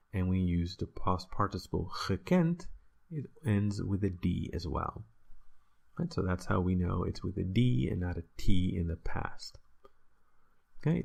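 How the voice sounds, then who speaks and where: A man's voice: fairly low pitch, gravelly, a little mellow, husky. A man teaching a casual online language lesson, explaining patiently and checking in with "right?".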